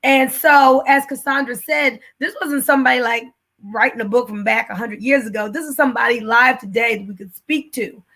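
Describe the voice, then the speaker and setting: A woman host telling a personal testimony in casual talk, animated and emotional, her voice rising when she is moved. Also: fairly high pitch, brisk. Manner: animated, gets emotional, raises her voice at the peak of the story.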